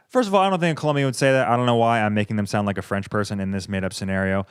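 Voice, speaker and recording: Young US guy, solo podcast host; smooth, clear mid voice, dry close mic; rambling, sweary, sarcastic. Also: mid-range voice, racing, hardly any pauses, no echo. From United States. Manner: rambling, profane, sarcastic, with frequent tangents. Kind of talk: casual solo podcast monologue.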